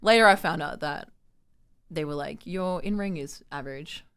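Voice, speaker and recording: A woman, telling her story as an interview guest in an animated way, acting out quotes and using lots of fillers. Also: deep voice, moderate pace, clear, resonant tone. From Sydney, Australia. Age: 20s.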